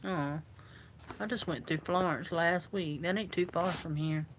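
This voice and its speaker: A vlogger with a South Carolina Southern accent chats casually with viewers during a live session, rambling easily, recorded on her phone. Her voice is on the low side and unhurried, with slight background noise.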